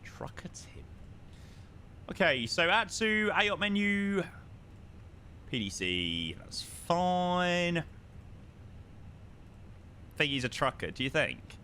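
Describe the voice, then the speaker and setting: Southern english guy streaming, bouncy lively voice, swears a lot, chats with viewers. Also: high-pitched, takes it slowly, pauses often, slight background noise. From southern England. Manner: chatty, swears freely, reads out viewer chat. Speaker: flight sim streamer. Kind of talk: casual live-stream chat.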